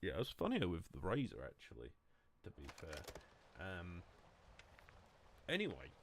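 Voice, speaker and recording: A man's voice: deep voice, huge pitch swings, normal speed, fairly bright tone, a little hiss or hum. A young man streaming from home, chatting casually to his viewers in a rambling, self-mocking way. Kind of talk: casual live-stream chat.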